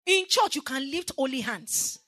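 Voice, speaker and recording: A woman with a Nigerian accent delivers a sermon in a high, lively, bright and ringing voice at a moderate pace. She presses her points emphatically and draws call-and-response answers from the congregation. The recording is dry and close-miked, with no echo.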